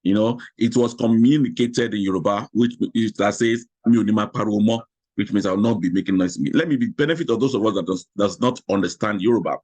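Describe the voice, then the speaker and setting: A man's voice: fairly low pitch, quick pace, hardly any pauses, a little mellow, no room sound. Frank Nigerian man teaching a class. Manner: chatty, repetitive, frank storytelling. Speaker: marriage teacher. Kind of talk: class lecture with stories.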